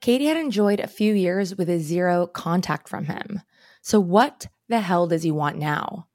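A woman's voice: on the low side, lively intonation, normal speed, a little mellow, no room sound, clean studio sound. A woman host narrating a true story conversationally, tossing in rhetorical questions. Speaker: podcast host. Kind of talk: scripted narration.

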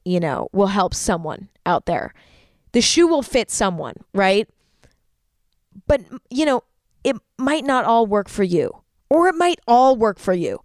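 Young woman doing her podcast, chatty and earnest, says like a lot, smooth voice, dry sound. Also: medium pitch, no room sound. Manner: chatty, filler-heavy, earnest with self-mocking asides. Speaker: podcast host. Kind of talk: casual advice podcast monologue.

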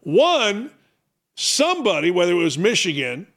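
A middle-aged man hosts a sports talk show with a high voice that leaps all over the place. He rants through an opinionated monologue, pokes fun at himself and keeps pressing rhetorical questions. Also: a little slow. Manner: animated, self-mocking, hammering rhetorical questions.

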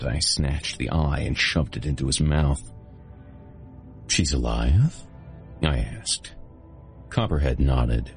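A man narrating a violent first-person story in a grim, steady manner. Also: extremely low pitch. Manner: grim, steady, graphic telling.

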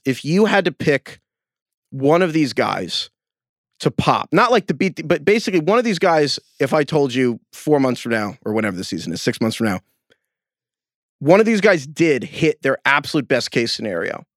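Fast-talking animated man. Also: medium pitch, no echo, studio quality. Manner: animated, rambling, jokey. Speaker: podcast co-host. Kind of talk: casual chat.

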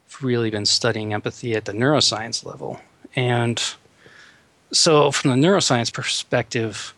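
A man's voice: medium pitch, a bit bright, no echo. Male scientist guest, mid-range voice, dry close sound, loose explanatory style. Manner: explanatory, many fillers like "you know". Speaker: neuroscientist guest. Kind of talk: casual interview talk.

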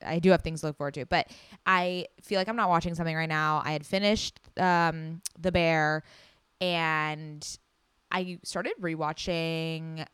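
A young woman hosting a solo podcast, chatting excitedly and gushing, with casual swearing. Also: low-pitched, unhurried, clear, resonant tone, no echo. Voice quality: loud. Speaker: podcast host.

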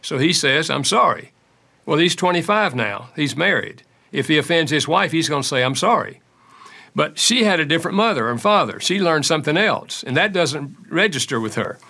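Older man telling stories, gravelly and bright. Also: fairly high pitch, animated, moderate pace. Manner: acts out quoted dialogue in stories. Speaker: author and counselor. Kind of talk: storytelling interview answers.

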